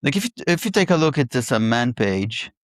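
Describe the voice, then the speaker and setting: A man in casual technical chat, pairing on code and thinking aloud with halting restarts. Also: mid-range voice, sing-song, no room sound, studio quality.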